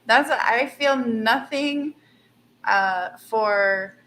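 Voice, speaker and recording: A woman as an interview guest, speaking calmly and firmly in casual conversation. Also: a little high, drawn-out words.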